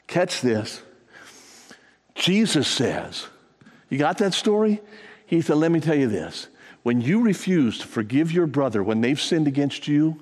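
A pastor preaches a sermon to his congregation in a conversational way, breaking into animated retellings of scripture stories. His voice is on the high side, slightly raised and husky, and it rings out with the long reverb of a large hall.

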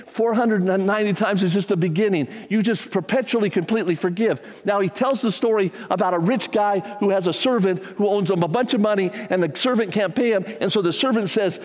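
A man with a slightly raised, husky voice, preaching to his congregation. He talks conversationally and breaks into animated retellings of scripture stories. His voice rings out with the long reverb of a large hall. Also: sits high, fairly quick, hardly any pauses. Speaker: pastor. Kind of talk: sermon.

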